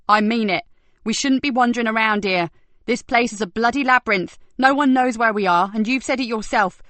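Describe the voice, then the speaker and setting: A woman's voice: a little high, fairly bright tone, no room sound, natural voice. A woman voicing a bulky, grumbling male police officer in a crime audiobook, exasperated and complaining.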